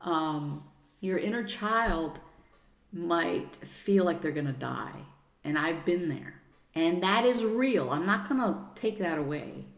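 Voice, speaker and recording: A middle-aged woman with a fairly low voice, speaking earnestly and soothingly as a podcast guest. She coaxes gently and uses soft pet names. Her voice carries a noticeable room echo. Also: animated, slow. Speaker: podcast guest, sound healer. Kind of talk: casual interview chat. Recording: roomy echo.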